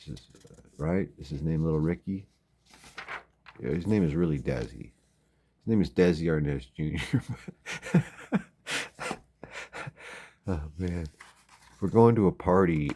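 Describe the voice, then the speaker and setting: A man's voice: a bass voice, unhurried, pauses often, mellow, slight background noise. A man giving rambling, wry late-night commentary at home as a vlogger. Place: home at night, windows open.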